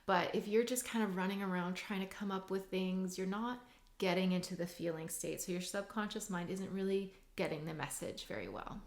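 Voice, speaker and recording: A woman's voice: medium pitch, brisk. Chatty woman coach in an echoey room. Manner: chatty, many fillers like "like" and "you know". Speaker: hypnotherapist and mindset coach. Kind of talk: casual teaching monologue. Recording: roomy echo.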